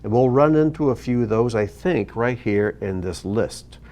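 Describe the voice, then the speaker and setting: A man teaching a video lesson, explaining slowly and patiently. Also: mid-range voice. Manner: slow, patient explaining with lively ups and downs. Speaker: Hebrew teacher.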